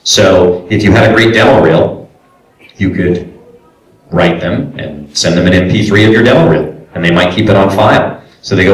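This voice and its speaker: A man's voice: low voice, normal speed. A man from Brooklyn teaching voice acting at a convention panel, chatty and explanatory, with lots of fillers. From Brooklyn, New York. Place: large echoey convention room. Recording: echoey room, voice from far off.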